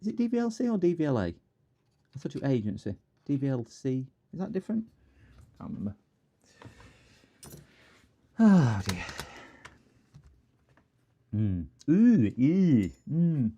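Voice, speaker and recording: Man, middle-aged, rambling and jokey, repair stream host, mid pitch. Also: big pitch swings, a little slow, long pauses, mellow, highs cut off, a little hiss or hum. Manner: jokey, rambling, answers chat comments. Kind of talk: casual livestream chat while repairing.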